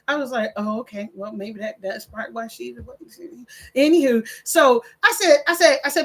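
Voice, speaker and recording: An older woman hosts her channel in loose, casual chat. Her voice sits high, and she tells her stories with energy, putting on the voices of the people she quotes. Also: brisk. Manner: animated storytelling with quoted voices. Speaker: channel host. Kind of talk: casual chat reading comments.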